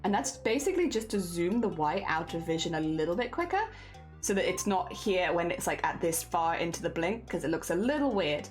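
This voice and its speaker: A woman's voice: on the low side, big pitch swings, fairly quick, soft background music. A young woman streamer with a slightly congested voice, chatting casually as she talks herself through rigging work and greets viewers. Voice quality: coughing, a little congested. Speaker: streamer rigging a vtuber model. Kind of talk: casual live-stream talk while working.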